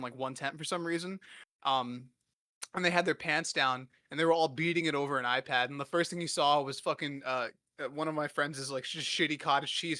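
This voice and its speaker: A man's voice: a little high, fairly bright tone, no room sound, clean studio sound. A man in his twenties hosting a podcast, telling rambling, profane, self-deprecating stories in a casual comedic way. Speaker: podcast host.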